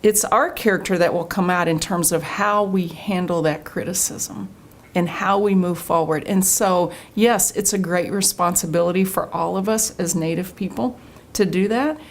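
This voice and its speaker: A middle-aged woman from Oklahoma, a state official answering interview questions in an earnest, storytelling way that turns animated when she quotes people. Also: on the low side, normal speed.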